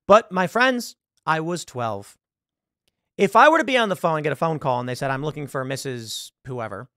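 A man hosting a political commentary monologue, sarcastic and emphatic, jumping between loud jabs and quiet asides. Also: fairly high pitch, no echo, studio quality. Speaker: commentary host.

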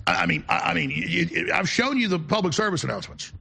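Male talk host, high gravelly voice, sarcastic ranting delivery, shouts bursts. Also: wildly swooping pitch, fast talker. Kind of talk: ranting call-in show monologue.

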